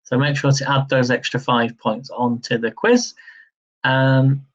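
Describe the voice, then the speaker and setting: A man's voice: medium pitch, level tone, measured pace, lo-fi sound. A man hosting a live-stream quiz, chatty and upbeat, laughing easily as he reads questions and counts down. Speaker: quiz host.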